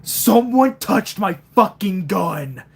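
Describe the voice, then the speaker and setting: Streamer putting on a shouting, menacing hedgehog antihero. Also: medium pitch, lively intonation, vocal fry, slightly rough, full character voice. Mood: outraged. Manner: shouting, drawn-out threats.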